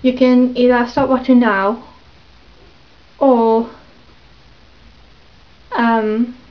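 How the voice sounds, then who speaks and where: Hesitant, slow-talking young woman vlogger. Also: on the high side, little pitch movement. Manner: rambling and hesitant, many ums. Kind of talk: casual confessional vlog. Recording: dull lo-fi webcam audio.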